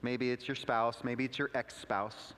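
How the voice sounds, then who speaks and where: Pastor preaching in a reverberant hall. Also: male voice, flat delivery, measured pace, fairly bright tone. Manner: conversational storytelling with asides, pitch rising for emphasis. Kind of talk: sermon. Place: church sanctuary.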